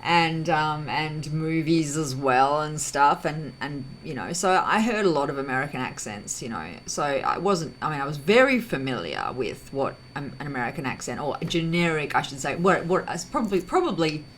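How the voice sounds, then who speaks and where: Rambling woman with a lively, low voice. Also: moderate pace, few pauses, slight background noise, low-quality recording. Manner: rambling, self-correcting, heavy use of fillers. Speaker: vlog host. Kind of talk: casual reflective monologue.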